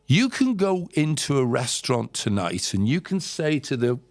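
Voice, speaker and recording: Gravelly middle-aged man telling a rambling story. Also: mid-range voice, sing-song, normal speed, no room sound. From England. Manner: rambling storyteller, repeats words, acts out quotes. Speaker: podcast guest telling travel stories. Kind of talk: casual anecdote telling.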